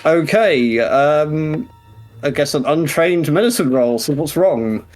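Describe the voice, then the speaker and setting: Higher-voiced man playing a tabletop game. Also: lively intonation, takes it slowly, darkish tone. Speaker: player.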